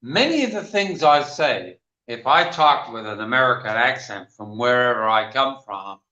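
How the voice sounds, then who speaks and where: A man's voice: mid-range voice, lively intonation, normal speed, bright, forceful tone, echoey room, lo-fi sound. An older man with an English accent, telling rambling stories as a guest on a livestream panel chat. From England. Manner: chatty, rambling storyteller.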